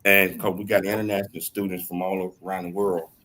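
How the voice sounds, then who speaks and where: A man with a very deep voice hosts a radio talk show. He talks with eager enthusiasm, stopping and restarting with lots of fillers. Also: flat delivery, background noise. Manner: enthusiastic, promotional, halting with fillers. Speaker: radio host and university chancellor. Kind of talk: casual radio chat.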